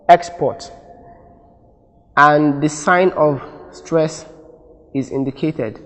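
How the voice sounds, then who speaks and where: Male teacher from Nigeria, mid pitch, methodical classroom delivery, long reverb. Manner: deliberate, explains step by step with repeated phrases. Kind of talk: classroom lesson.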